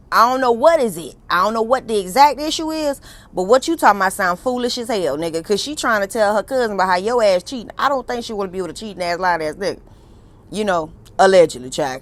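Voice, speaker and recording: A young woman, recapping a reality TV episode in a blunt, profane, sassy way and laughing often. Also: medium pitch. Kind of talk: casual recap commentary.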